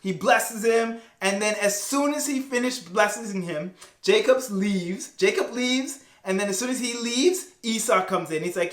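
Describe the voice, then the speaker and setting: A youth pastor with a high voice gives a casual Bible lesson, telling the story with lively slang. The sound is roomy and echoey. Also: male voice, a little slow, hardly any pauses. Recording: echoey room.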